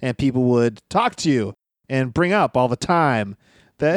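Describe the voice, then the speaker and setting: Dude hosting a podcast, ribbing his guest, kinda high voice, dry mic. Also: very animated, measured pace, no echo. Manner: teasing, wry interviewer. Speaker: podcast host. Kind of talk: casual podcast chat.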